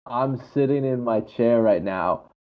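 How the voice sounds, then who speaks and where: A man chatting casually and telling animated, laughing stories. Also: mid-range voice, measured pace. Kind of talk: casual chat. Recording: dull lo-fi audio.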